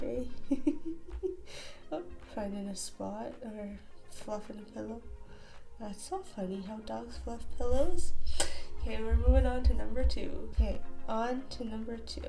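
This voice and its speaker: A woman with a fairly high, creaky, mellow voice hosts a reaction video of funny animal clips. Her commentary is casual, and she exclaims often, laughs a lot and coos at the animals.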